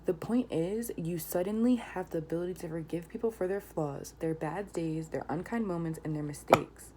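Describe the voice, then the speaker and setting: A woman with a deep, low voice reads tarot cards aloud. She often sinks into a whisper and then bursts into excited exclamations. A steady hiss of noise sits under the home recording. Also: moderate pace. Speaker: tarot reader. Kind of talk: tarot reading vlog.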